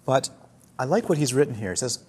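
A man's voice: medium pitch, animated, fairly quick, a little mellow, a little hiss or hum. A man who teaches dharma, giving a talk to a group in a chatty storytelling way, often repeating and restarting his words.

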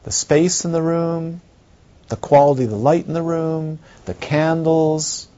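Buddhist teacher giving an animated talk. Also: male voice, a little high, measured pace, muffled recording. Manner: animated, rhetorical questions, acts out others' reactions. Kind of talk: dharma talk to students.

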